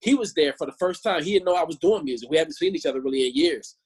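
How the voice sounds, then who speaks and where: Husky high-voiced animated man. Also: very fast. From born in Chicago, raised in Omaha. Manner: animated storyteller, repeats words, exclaims "man" and "yo". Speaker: Christian musician and street preacher. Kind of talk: casual podcast chat.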